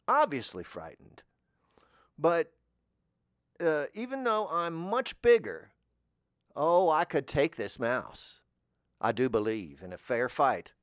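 A man's voice: fairly high pitch, big pitch swings, moderate pace, a bit bright, no room sound, studio quality. A man hosting a comedy podcast, telling a meandering, whimsical, self-mocking story. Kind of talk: rambling comic monologue.

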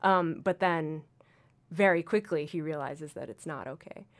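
A woman over thirty-five hosts a casual radio talk show. Her voice sits a little low. She chats loosely and fills her pauses with "um". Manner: chatty, full of fillers, laughs easily. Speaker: radio host.

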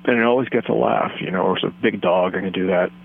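Casting: earnest, rambling man in his thirties, slightly low voice, phone-line sound. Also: fairly even intonation, quick pace, gravelly, slightly rough. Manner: earnest, self-deluded, rambling. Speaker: caller telling a story. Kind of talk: deadpan comic storytelling.

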